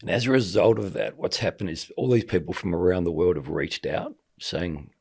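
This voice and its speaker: A man's voice: deep voice, expressive, normal speed, vocal fry, a little mellow, slightly rough. A middle-aged man telling a personal story in casual conversation, acting out the dialogue as he goes. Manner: vivid storyteller who acts out quoted dialogue. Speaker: podcast guest, sports commentator.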